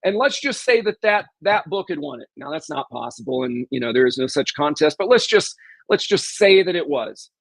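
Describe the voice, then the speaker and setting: A man's voice: a little high, very animated, fairly quick, vocal fry, dry recording. A man from southwest Missouri, a podcast guest, emphatically explaining sales scripts with examples and questions to the host. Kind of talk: casual interview talk.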